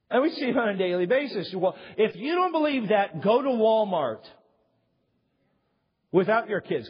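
Lively, joking man preaching. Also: on the high side, husky. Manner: animated, joking storyteller; acts out quoted voices. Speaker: pastor. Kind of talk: sermon. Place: church sanctuary. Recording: dull lo-fi recording in reverberant hall.

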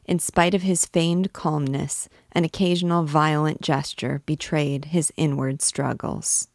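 A woman narrating a classic novel aloud in a measured, even storytelling manner, recorded on a close mic. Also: low-pitched, gravelly, no echo. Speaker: book reader and teacher. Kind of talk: audiobook reading of a classic novel.

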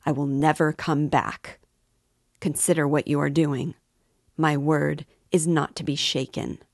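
A woman's voice: low voice, level tone, measured pace, no echo, clean studio sound. A woman reading the part of a pompous, sarcastic middle-aged male suitor in a lofty tone. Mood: indignant.

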